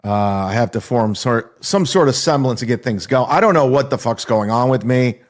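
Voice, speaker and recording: A man's voice: mid-range voice, expressive, normal speed. A stand-up comedian man in a casual monologue, boastful and defensive, swearing freely. His voice sits in an ordinary middle range for a man.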